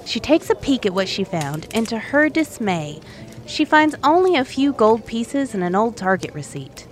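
A woman telling an adventure tale, playful and chatty, with asides to the listener. Her voice is fairly high and lively in pitch. Soft music sits behind her. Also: moderate pace. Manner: playful, conversational. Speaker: storyteller. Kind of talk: narrating an adventure story.

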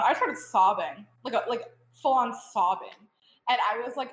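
A woman's voice: a little high, very animated, fairly quick, roomy sound. A young woman telling a story in casual chat, full of fillers. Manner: chatty storytelling with frequent fillers. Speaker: guest.

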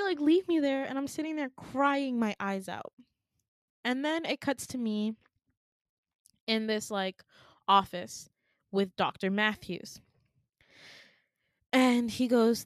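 A woman with a fairly high voice tells her dream to podcast listeners in a casual, animated way. She acts out her own lines and swears freely. The sound is dry and close. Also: a little slow, long pauses, no room sound. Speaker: podcast co-host.

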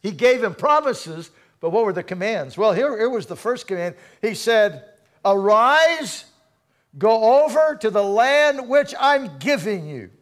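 A male pastor preaching a sermon, calling out to the congregation and swinging from soft murmurs to loud exhortation. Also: sits high, sing-song, measured pace. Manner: preaching with call-and-response and dramatic swings in volume.

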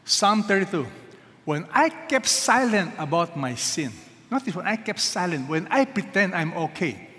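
A man preaching a sermon with emphatic delivery, rhetorical questions and sudden leaps in pitch. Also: very animated, moderate pace, bright, forceful tone, long reverb tail. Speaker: pastor.

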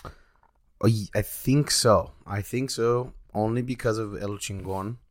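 A man's voice: on the low side, fairly even intonation, measured pace, no room sound, studio quality. A young man from Texas chatting casually on a podcast, easygoing and joking as he rambles. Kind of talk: casual chat.

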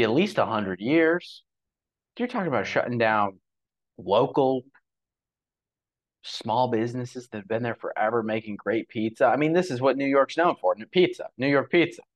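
A man's voice: medium pitch, rough recording. A young man co-hosting a podcast, talking in casual, opinionated commentary with many fillers. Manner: animated, opinionated, lots of fillers. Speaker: podcast co-host.

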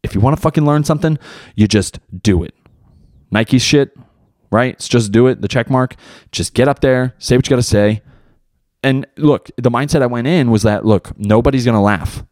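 A man's voice: medium pitch, normal speed, a little mellow, dry recording, studio quality. A young man hosting his own podcast in casual solo talk, loose and rambling, heavy on slang and swearing. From United States. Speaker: podcast host and beginner stand-up comic.

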